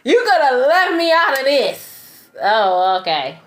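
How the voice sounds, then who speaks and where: Young woman going off in a rant, cussing, repeating herself, very animated. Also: sits high, slow. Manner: blunt, profane, repeats herself. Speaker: tarot reader. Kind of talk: casual ranting monologue.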